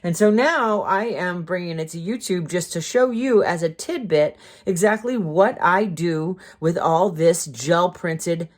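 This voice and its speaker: A woman's voice: on the low side, a little slow, few pauses, echoey room. A woman artist hosting a casual studio tutorial, chatting her way through her process with rambling asides. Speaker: collage artist and channel host. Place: art studio.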